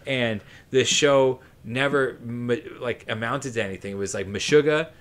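A man's voice: medium pitch, normal speed. A man in his late thirties from southern Ontario, a guest musician telling a long story on a podcast in a rambling, profane way, full of fillers and laughter.

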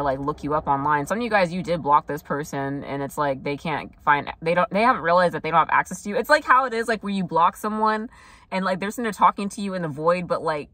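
A woman's voice: deep voice, fairly bright tone. A young woman giving a casual tarot reading, chatting loosely with lots of fillers, asides and mocking imitations of what people say. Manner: chatty, filler-heavy, quick asides and mock quotes. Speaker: tarot reader.

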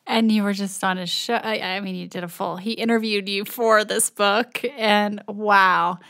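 Female podcast host, casual, slightly gravelly voice, mid pitch. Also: fairly even intonation, a little slow, fairly bright tone. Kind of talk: casual interview chat.

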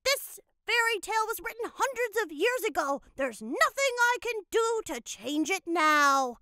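A woman's voice: extremely high pitch, very animated, measured pace, bright, forceful tone, no room sound, studio quality, exaggerated voice. A woman doing a flustered, bossy cartoon witch. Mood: mock-menacing. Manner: huffy, mock-menacing.

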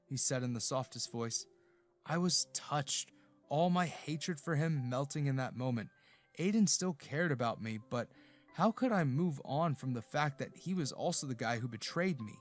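Male narrator, mid-pitch, emotional first-person storytelling over faint music. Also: moderate pace.

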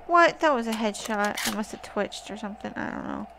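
A woman's voice: medium pitch, level tone, a little fast, creaky. A woman casually commentating her gameplay, swearing often and talking back to the zombies. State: wearing a wrist brace. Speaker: gaming channel host. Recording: noisy home recording.

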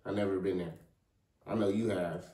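A young man co-hosting a casual chat show, teasing his friend in lively slang. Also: deep voice, normal speed. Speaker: podcast co-host. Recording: echoey room, distant mic, faint noise.

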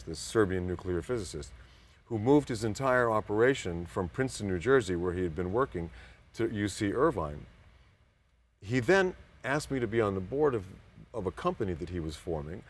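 An older man being interviewed as a guest, telling long, rambling anecdotes and acting out other people's voices. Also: on the low side. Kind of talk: casual storytelling interview.

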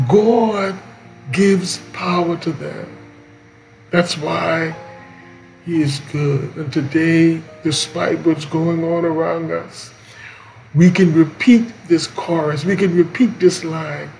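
Male preacher for a morning devotion; unhurried, emphatic, repeats refrains, light guitar underneath. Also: fairly high pitch, steady tone, a little mellow, low-quality recording. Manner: slow, emphatic, repeats key lines.

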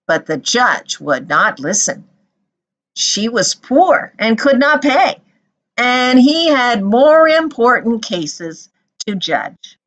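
A woman telling a Bible story to children as a teacher, with expressive storytelling. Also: on the high side, slow, poor audio.

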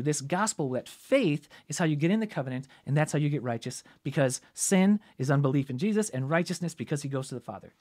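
Man teaching scripture in a relaxed, chatty way. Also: fairly high pitch. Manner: conversational, thinks aloud, frequent "right?" asides. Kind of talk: casual Bible teaching.

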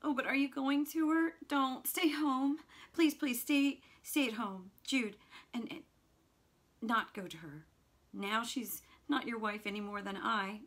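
A woman reading aloud as a distraught young woman who pleads tearfully with her lover not to leave. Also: a little slow. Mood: pleading. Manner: high, loud, tearful pleading.

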